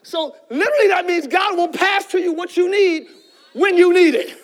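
Shouting often and calling out to the people before him, a male pastor preaches with fervent energy. The pitch is extremely high and the pace moderate.

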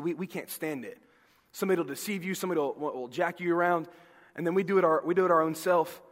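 Man, pastor, sermon to teens, earnest, raised pitch, long reverb. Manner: earnest, repeats and restarts words.

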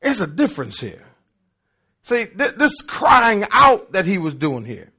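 Man preaching, very high voice, slow deliberate delivery, shouts then murmurs, repeats words for emphasis. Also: wildly swooping pitch, slightly rough. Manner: emphatic, swings from loud shouts to low murmurs. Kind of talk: call-and-response sermon.

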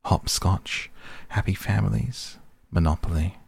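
A man voicing a sinister, sweetly coaxing woman who talks softly, half in a whisper. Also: sits low, a little slow, gravelly, breathy edge, no echo, full character voice.

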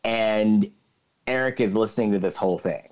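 A man co-hosting a podcast, casually recapping a movie plot in a calm, matter-of-fact way. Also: lowish voice, normal speed, dull audio. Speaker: podcast co-host.

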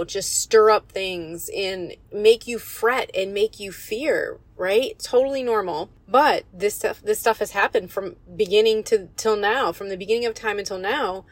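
A woman's voice: medium pitch, no room sound. Woman Bible teacher and coach, earnest devotional delivery, dry recording. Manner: earnest and encouraging, quotes scripture with emphasis.

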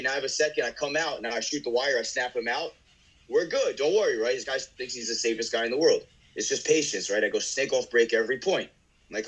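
A man telling a paintball story in casual talk, animatedly acting out his teammates' shouted lines. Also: mid-range voice, brisk, poor audio. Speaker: guest paintball player.

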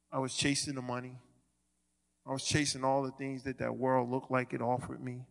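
Gravelly man preaching his testimony. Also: medium pitch, long reverb tail. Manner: stammering restarts, swings from quiet to loud. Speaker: ministry leader giving testimony. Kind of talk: sermon testimony.

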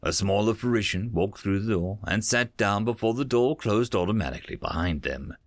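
A man narrating a first-person science fiction story with an expressive, lively delivery. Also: lowish voice, moderate pace, dry recording, clean studio sound. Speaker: audiobook narrator.

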